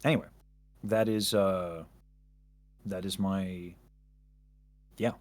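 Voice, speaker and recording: A man's voice: sits low, fairly even intonation, slow pace, darkish tone. A man chatting casually as a guest, rambling and self-interrupting with jokes. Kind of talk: casual chat.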